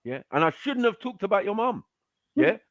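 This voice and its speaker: A man's voice: sits high, sing-song, moderate pace, a bit bright, no room sound, lo-fi sound. A man on an online panel, mocking and laughing through crude banter. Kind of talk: heated online panel argument.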